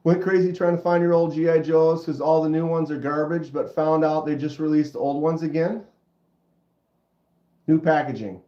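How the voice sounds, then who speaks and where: A middle-aged man with a stuffy nose hosting a casual livestream, chatting with viewers in a laid-back, drawn-out way. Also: fairly high pitch, steady tone, warm tone. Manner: laid-back, drawn-out, says dude and bro. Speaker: livestream host. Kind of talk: casual livestream chat reading comments. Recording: roomy, dull lo-fi sound.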